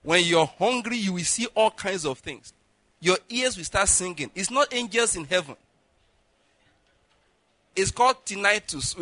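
A middle-aged man, a pastor preaching a sermon with lively acted-out stories, often saying "listen" and "all right". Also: sits high, a little slow, pauses often, no room sound. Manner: lively, repeats "listen" and "all right", laughs at own jokes.

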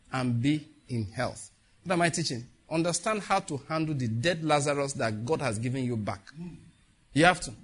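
A Nigerian pastor preaching with a husky, slightly raised voice. He jumps from loud, animated scolding to slow, solemn declarations, dropping Pidgin asides along the way. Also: a little high. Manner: animated, swings from shouted warnings to slow solemn prayer. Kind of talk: sermon.

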